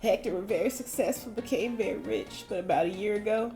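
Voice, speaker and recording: A woman voicing a gruff, rowdy male pirate sailor in a drawling Southern US accent for a video game playthrough. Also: mid-range voice, a little fast, over music, natural voice. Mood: boastful.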